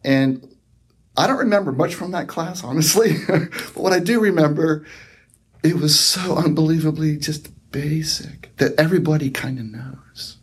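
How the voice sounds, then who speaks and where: A middle-aged man, a psychotherapist, talking in a slow, reflective way and checking in often with "right?". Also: fairly high pitch, breathy edge. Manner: slow, reflective, warm storytelling with frequent "right?" and "um". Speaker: psychotherapist guest. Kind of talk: conversational podcast interview.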